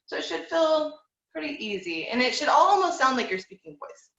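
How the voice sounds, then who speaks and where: A young woman teaching an online group voice class, speaking in a relaxed, encouraging way and demonstrating with hums and slides. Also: high voice, moderate pace, creaky. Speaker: vocal teacher. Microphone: video call. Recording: dull, echoey room sound.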